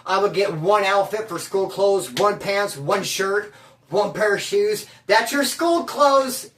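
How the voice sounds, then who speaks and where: A man's voice: high voice, lively intonation, slow, a bit bright, echoey room, far from the mic. A man telling stories about prison life in a casual, slangy, streetwise way, full of bro and dude. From California. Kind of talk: casual storytelling monologue.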